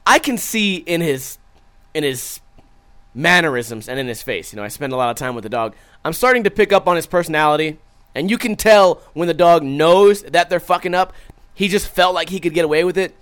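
Young male streamer, loose profane chat, lively swoops, slightly high voice. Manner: profane, animated, acts out his own stories. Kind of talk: casual chat reading viewer comments.

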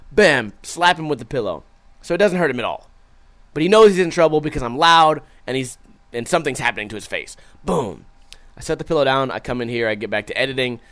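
A young man streaming, chatting casually and profanely, acting out his stories and reading viewer comments. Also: mid-range voice. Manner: profane, animated, acts out his own stories.

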